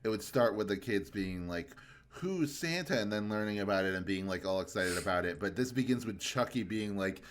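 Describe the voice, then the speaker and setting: Rambling low-voiced young man. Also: fairly even intonation, brisk, few pauses, slight background noise. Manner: rambling, many fillers, easy laughs. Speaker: podcast co-host. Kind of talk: casual chat.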